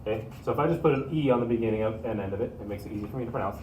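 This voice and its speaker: A Spanish teacher explains pronunciation in a classroom lesson, patiently and steadily, saying each key point twice. His medium-pitched voice moves very fast and is picked up from a distance in an echoing room with a faint hum.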